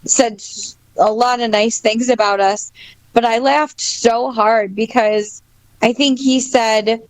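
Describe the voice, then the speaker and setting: A woman's voice: on the high side, steady tone, slow, dry recording. A woman with a Wisconsin accent, a band guest chatting casually, laughing often and saying um a lot. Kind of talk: casual chat.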